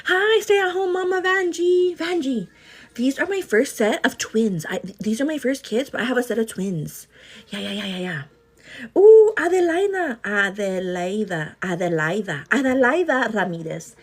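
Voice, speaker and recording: Giggly, husky woman chatting. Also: on the high side, expressive, normal speed. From El Paso, Texas. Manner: giggly, chatty, often says girl. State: pregnant. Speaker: livestream host. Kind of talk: casual morning livestream chat.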